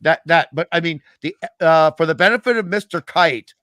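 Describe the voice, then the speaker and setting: Brief: male guest, wry and opinionated, a touch high, dry close sound. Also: normal speed, a bit bright, no echo. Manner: opinionated, wry, many restarts. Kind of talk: casual podcast chat.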